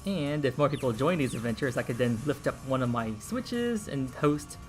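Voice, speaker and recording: A man's voice: medium pitch, moderate pace, soft background music. A man hosting a game stream in a casual, joking chat with viewers. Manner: lively, joking, talks to chat.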